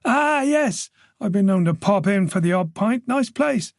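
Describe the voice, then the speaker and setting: A man's voice: high voice, animated, unhurried, vocal fry, dry recording, voice pushed up, exaggerated voice. A man voicing a reserved, polite middle-aged detective with dry, guarded replies in an audiobook.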